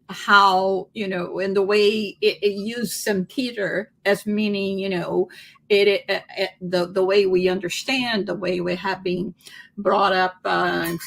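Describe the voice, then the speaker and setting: A woman co-hosting a spirituality discussion, speaking with animated enthusiasm and frequent restarts. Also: mid-range voice, creaky. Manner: animated, laughing often, many restarts. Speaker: podcast co-host.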